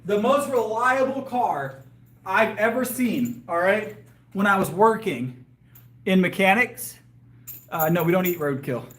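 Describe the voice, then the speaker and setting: High-voiced man chatting live, rambling. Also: lively intonation, a little slow, fairly bright tone. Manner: rambling, hesitant, lots of fillers and restarts. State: voice getting worn. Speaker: livestreamer and powerlifter. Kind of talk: casual live chat with viewers. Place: outdoors in a yard.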